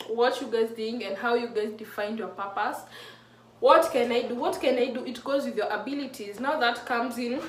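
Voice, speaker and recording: Woman, mid-twenties, earnest and emotional, fairly high voice, roomy echo, distant mic. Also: slight background noise. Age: mid-20s. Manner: earnest, emotional, many restarts. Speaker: faith vlogger. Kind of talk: casual heartfelt talk to camera. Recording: echoey room from a distant mic.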